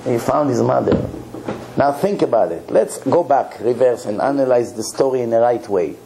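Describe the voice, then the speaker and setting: A man, a rabbi, telling a story in a sermon, animated and swinging between low asides and sudden high exclamations. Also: normal speed, creaky, noisy background.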